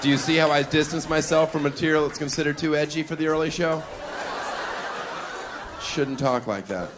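A man doing a crude, brash stand-up comedy set on a club stage, punching up his lines with shouts. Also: on the high side, moderate pace. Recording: live club recording with crowd noise. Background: audience laughter and applause.

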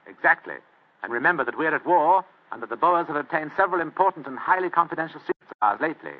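A man playing a wry, scheming Victorian gentleman. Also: fairly high pitch, animated, fast. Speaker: actor in radio drama. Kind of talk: old radio drama acting. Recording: tinny old radio recording.

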